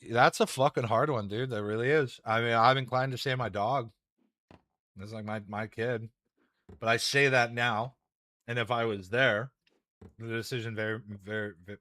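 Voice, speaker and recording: A man's voice: fairly low pitch, steady tone, normal speed, long pauses, sharp tone, dry recording. A young man chatting casually while he streams a game, rambling and swearing, laughing often between thoughts. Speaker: gaming streamer. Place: home room.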